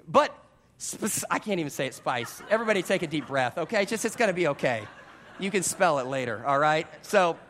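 Thirties male pastor with a high voice; lively sermon delivery that mixes personal stories with audience asides. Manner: animated, self-deprecating storytelling with direct audience address.

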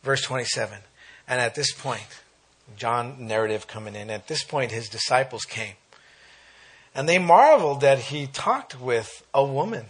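Husky guy preaching, reads verses then gets all worked up. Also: medium pitch, normal speed. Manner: animated, exclaims and reads scripture aloud. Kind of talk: sermon.

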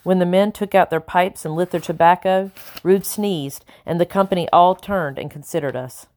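A woman reading a first-person audiobook in a measured, earnest storytelling manner. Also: on the low side, darkish tone. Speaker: audiobook narrator.

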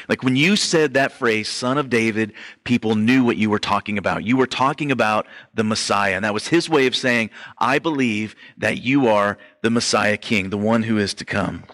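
Man, pastor type, bright forward voice, chatty sermon delivery, lots of "like" and "um". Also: mid-range voice. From Western Europe ancestry only; none. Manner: conversational, filler-heavy, says "like" often. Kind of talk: casual sermon teaching.

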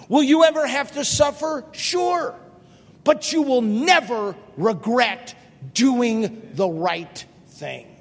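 Animated high-voiced middle-aged preacher man. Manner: animated, rhetorical questions, emphatic repetition. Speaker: pastor. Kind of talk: sermon. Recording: long reverb of a large hall.

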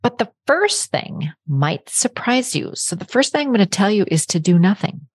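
A woman's voice: mid-range voice, sing-song, moderate pace, husky, dry recording, studio quality. A woman hosting a self-help podcast, talking straight to the listener in a direct, encouraging way. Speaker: podcast host and coach.

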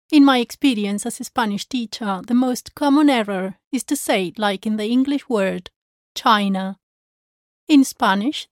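Woman teacher, higher voice, deliberate slow drill delivery, dry close studio sound. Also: dry recording. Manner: slow, carefully enunciated drilling. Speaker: Spanish teacher. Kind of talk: pronunciation lesson.

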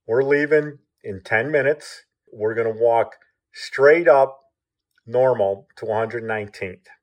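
A man voicing a gruff, tough father who speaks curtly and matter-of-factly. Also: medium pitch, a little slow, close to an everyday voice. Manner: curt, matter-of-fact, threatening. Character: gruff, tough older working-class father.

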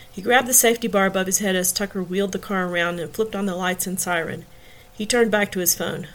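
A woman's voice: mid-range voice, a little fast, a bit bright. Woman narrating a crime novel. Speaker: audiobook narrator. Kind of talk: scripted narration.

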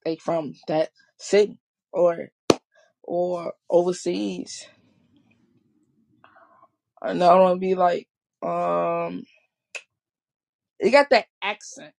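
In a mid-range voice with vocal fry and a slightly mellow quality, a Chicago vlogger with a local accent rambles through a casual monologue. The talk is repetitive, with frequent restarts and repeated bits.

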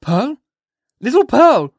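Anguished guilt-ridden minister, urgent and pleading, raised pitch, as a male narrator puts him on; storybook reading. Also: unhurried, darkish tone, slightly rough, dry recording, clean studio sound. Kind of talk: audiobook dialogue.

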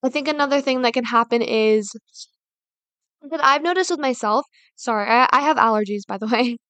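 A woman's voice: on the high side, brisk, fairly bright tone, no room sound. A woman hosting a casual advice talk, rambling and filling her sentences with "like" and "you know". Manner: rambling, heavy use of fillers like "like" and "you know". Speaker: podcast host.

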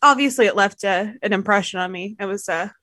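A woman's voice: medium pitch, brisk, bright, forceful tone, no echo. A woman co-hosting a casual live-stream show, talking in a playful, giggly way. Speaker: podcast co-host.

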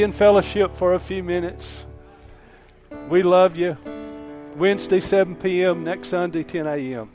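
A man's voice: sits high, steady tone, measured pace, darkish tone, faint music behind. A man preaching a sermon as pastor in a folksy storytelling way, often asking "Amen?" to the congregation. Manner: folksy preaching, repeats "Amen?", tells stories.

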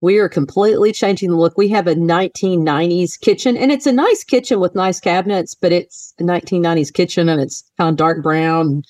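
A woman co-hosting a podcast, chatting casually, laughing often and with animated asides. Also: lowish voice, a little fast, few pauses, no room sound, distant mic. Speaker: podcast co-host. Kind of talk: casual chat.

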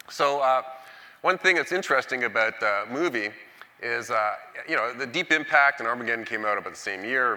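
A Canadian-born man in his sixties gives a public science lecture in a big auditorium. His voice sits low but has a very forceful, bright edge, and his manner is jokey and full of energy. The sound rings with a long hall reverb. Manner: jokey, energetic, leads the audience in cheers. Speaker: guest lecturer.

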